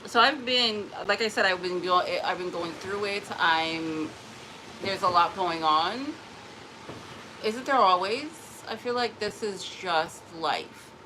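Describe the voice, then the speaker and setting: A woman chats to her vlog audience in an emotional, rambling way, often starting over mid-sentence. Her voice sits in an ordinary middle pitch. A faint noise runs under the recording. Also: takes it slowly, bright, forceful tone, poor audio. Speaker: vlogger. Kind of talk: casual personal vlog talk.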